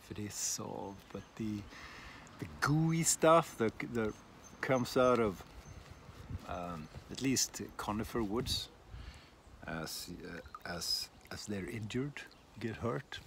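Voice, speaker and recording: Man, slow rambling chat, lively pitch, outdoors, faint wind behind. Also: vocal fry. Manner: rambling, self-deprecating, many restarts. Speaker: shaving vlogger. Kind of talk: casual outdoor vlog chat. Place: outdoors in a windy garden.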